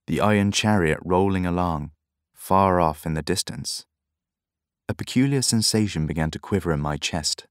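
A man reading a novel aloud in measured first-person narration. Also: low voice, dry recording, clean studio sound. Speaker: audiobook narrator.

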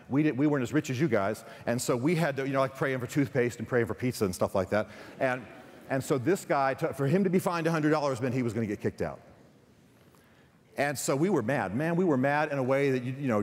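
Male preacher, texan accent, lively storyteller, mid pitch, long hall echo. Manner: storytelling, animated, quick asides and restarts. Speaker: guest speaker. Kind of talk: chapel sermon. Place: large hall.

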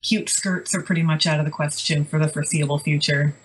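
A woman's voice: deep voice, fairly even intonation, a little fast, crowd noise, rough recording. A woman co-hosting a podcast, telling stories in a chatty, wry, casual way. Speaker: podcast co-host. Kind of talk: casual chat.

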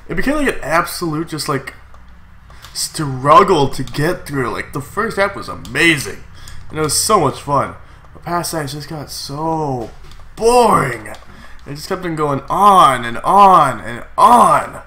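A young man with a stuffy, congested cold voice gives chatty, excitable commentary while playing a game, with sudden yelps. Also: fairly high pitch, measured pace. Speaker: gaming YouTuber. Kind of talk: casual Let's Play commentary.

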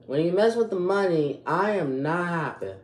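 A man's voice: high-pitched, animated, normal speed, echoey room. A twelve-year-old boy hosting a casual vlog, agitated and rambling with many restarts. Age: 12 years old. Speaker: youtube channel host.

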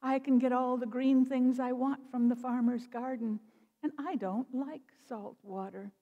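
A woman minister voicing a clever, polite male trickster rabbit in a storybook reading, her voice higher than usual. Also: fairly even intonation, unhurried, dark tone, dull audio. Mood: smug. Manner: polite, sly. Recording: long reverb of a church hall.

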